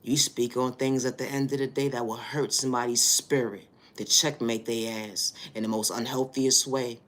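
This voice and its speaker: Male spiritual reader with a bright, forward voice; preachy motivational monologue that swells into emphatic outbursts. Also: medium pitch, flat delivery, moderate pace. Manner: preachy, repeats stock phrases, builds to loud emphatic bursts.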